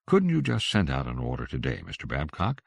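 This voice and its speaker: A man's voice: a bass voice, wildly swooping pitch, brisk, vocal fry, no room sound, exaggerated voice. A man voicing a polite middle-aged wife who talks with strained, placating patience. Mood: patient.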